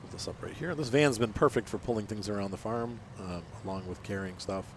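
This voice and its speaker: Man, lowish voice, relaxed let's-play host who rambles and banters. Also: a little fast, background noise. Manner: chatty, rambling, teasing banter. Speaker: gaming channel host. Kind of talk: casual let's-play commentary.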